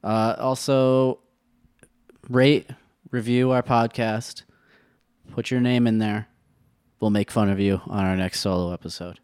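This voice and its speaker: A man co-hosting a podcast, easygoing and quick to laugh, also reading out the show's promos. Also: fairly low pitch, steady tone, a little mellow, clean tone, no echo, clean studio sound. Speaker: podcast co-host. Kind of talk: casual podcast banter.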